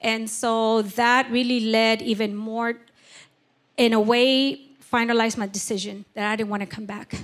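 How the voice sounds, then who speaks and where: A woman giving a personal testimony at church, speaking candidly and emotionally, halting often with fillers. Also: on the high side, steady tone.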